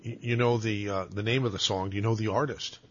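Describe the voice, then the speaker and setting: A man's voice: on the low side, fairly even intonation, quick pace. A man hosting a call-in radio show, rambling and fumbling in a jokey way. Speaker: radio host. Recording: slightly dull, lo-fi sound.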